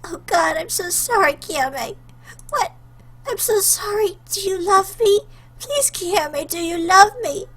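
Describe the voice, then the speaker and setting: A woman voicing a volatile, lovesick young woman in a visual novel read-aloud, in a high, slow, tearful voice. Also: sing-song, fairly bright tone, exaggerated voice. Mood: tearful pleading.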